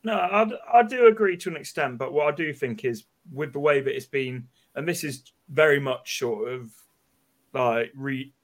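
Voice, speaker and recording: A man guesting on a football podcast, measured and hedging with fillers. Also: medium pitch. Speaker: guest, fan channel creator. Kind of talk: casual football chat.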